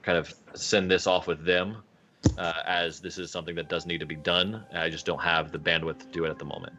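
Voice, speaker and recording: Low-voiced man playing a tabletop game. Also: flat delivery, fairly quick, bright, forceful tone, a little hiss or hum. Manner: earnest, meandering, with kind-of fillers. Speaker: player. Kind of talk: in-character tabletop play.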